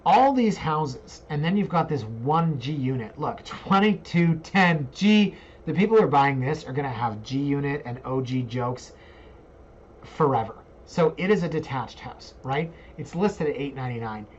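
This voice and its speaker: A man's voice: lively intonation, normal speed, darkish tone, a little hiss or hum. Chatty joking man, slightly dull audio. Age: 40s. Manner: joking, chatty, jumps into squeaky asides. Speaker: realtor. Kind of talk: casual screen-share talk.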